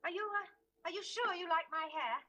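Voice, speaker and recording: An actress playing a dry, teasing, sharp-tongued wife in a sitcom. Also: female voice, very high voice, moderate pace, heavy background noise. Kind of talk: 1970s studio sitcom acting.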